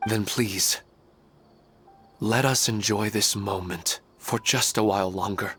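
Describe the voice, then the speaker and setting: A man's voice: fairly low pitch, steady tone, slow pace, fairly bright tone, soft background music. An actor playing an earnest, plain-spoken husband and father in a video game, speaking in a heartfelt way.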